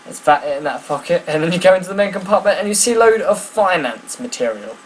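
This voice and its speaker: A man's voice: high-pitched, lively intonation, fast talker, a little hiss or hum, low-quality recording. A young man chatting casually to camera, rambling and self-mocking with many ums. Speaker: vlogger. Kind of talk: casual vlog chat.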